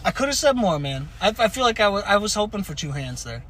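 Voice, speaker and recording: A man hosting a podcast in casual chat from a parked car, excitable, laughing often and swearing freely. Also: sits high, fast talker, a little hiss or hum. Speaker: podcast host.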